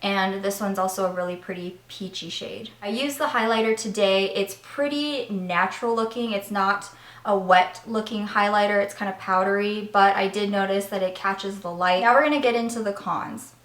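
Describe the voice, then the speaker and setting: A woman's voice: mid-range voice, normal speed, fairly bright tone, roomy sound. A woman vlogger giving a candid makeup review and demo in a chatty, step-by-step way. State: voice cracking slightly. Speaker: beauty vlogger.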